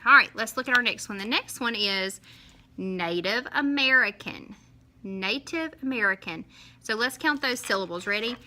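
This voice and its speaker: A woman teacher, talking young children through a lesson in a slow, sing-song way and stretching out each syllable when she counts. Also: fairly high pitch, animated, noisy background.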